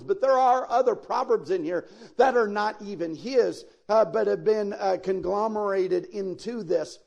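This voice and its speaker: A male pastor delivers his sermon in an unhurried, deliberate way, his voice high and edged with gravel. He leans toward his listeners, asking them directly if they follow, and pushes into sudden loud emphatic peaks. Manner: preaching with sudden emphatic swells; folksy, addresses listeners directly.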